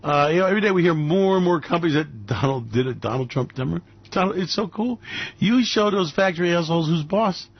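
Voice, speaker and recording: A man's voice: fairly high pitch, expressive, quick pace, slightly rough, dull audio. A man hosting a finance radio show in a sarcastic, theatrical, mock-gushing way. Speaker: host.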